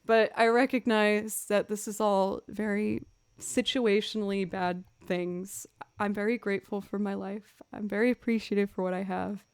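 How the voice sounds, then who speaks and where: A young woman chats with her stream viewers between songs. She tells stories in a lively, chatty way and laughs often, at a mid pitch for a woman. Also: smooth. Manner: chatty, animated storytelling with laughs. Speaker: livestreaming musician. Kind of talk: casual chat with stream viewers.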